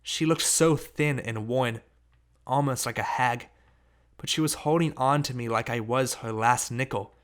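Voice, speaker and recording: A man reading an audiobook, narrating a story in steady first person. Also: medium pitch, measured pace. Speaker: audiobook reader.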